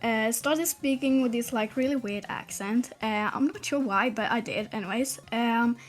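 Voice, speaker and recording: Young woman caller, kinda nervous, lots of ums, slightly high voice. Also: moderate pace, soft background music. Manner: hesitant, lots of fillers and laughs. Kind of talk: casual chat.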